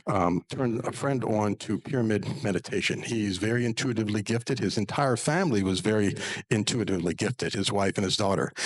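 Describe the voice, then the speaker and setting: A man's voice: lowish voice, rough recording. A middle-aged man, a spiritual healer, telling stories and teaching pyramid meditation in an earnest, folksy way, often adding "right?" to his points. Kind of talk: storytelling monologue.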